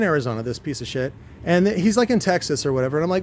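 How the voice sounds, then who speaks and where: A man's voice: high-pitched, very animated, racing, a little mellow, slight background noise. A man who owns a shop, rambling and ranting through a one-take vlog, swearing freely as he goes. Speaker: shop owner vlogging. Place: his shop.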